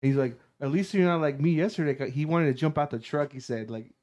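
An animated man tells a story in casual chat. He swears often and breaks into laughter. His voice sits a little higher than most men's. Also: fast talker.

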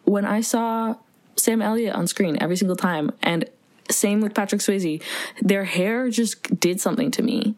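A woman's voice: mid-range voice, moderate pace, a little mellow. A young adult woman co-hosting a podcast in casual chat, playful and dramatic, giggling often. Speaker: podcast co-host.

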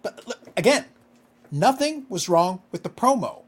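A man's voice: high voice, big pitch swings, moderate pace, husky. A man co-hosting a casual podcast chat, ranting with profanity and disbelief. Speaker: podcast co-host.

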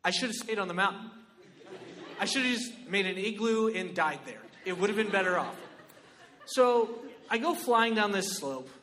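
High bright-voiced guy doing stand-up, animated, keeps saying right?, big reverby hall. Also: normal speed. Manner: animated, exclamatory, frequent rhetorical "right?". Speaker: comedian. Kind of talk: stand-up storytelling.

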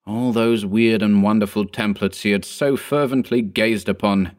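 Low-voiced male story narrator. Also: steady tone, moderate pace, darkish tone. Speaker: narrator and author.

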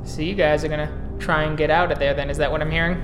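A man's voice: on the high side, little pitch movement, fast talker, reverberant, music in the background. Man narrating as game master.

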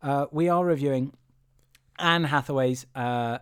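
A man's voice: medium pitch, measured pace, clean tone. A man hosting a podcast in casual chat, teasing his co-host and breaking into laughter. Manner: laughing, stammering restarts, teasing.

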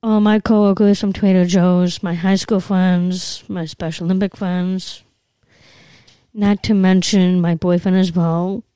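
A woman co-hosting a podcast in casual chat, hesitant with many pauses and ums. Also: lowish voice, flat delivery, warm tone, clear, resonant tone, no room sound. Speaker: podcast co-host. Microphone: studio mic.

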